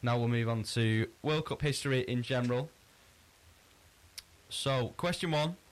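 A man hosting a casual quiz on a podcast, chatty and relaxed, often restarting his sentences. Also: medium pitch, unhurried. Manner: chatty, easygoing, frequent restarts. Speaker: quizmaster.

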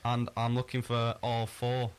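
A man hosting a casual quiz on a podcast, chatty and relaxed, often restarting his sentences. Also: medium pitch, a little slow, noisy background. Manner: chatty, easygoing, frequent restarts. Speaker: quizmaster.

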